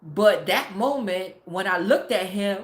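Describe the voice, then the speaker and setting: A woman's voice: mid-range voice, expressive, measured pace. A woman in her forties, a mother, telling a family story in blunt, profane, filler-heavy casual talk. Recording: roomy echo.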